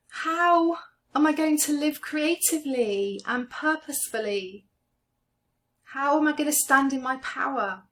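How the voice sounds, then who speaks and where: A woman coaching a guided EFT tapping session, speaking slowly and gently as she names each tapping point. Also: high-pitched. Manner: slow, gentle, soothing guidance.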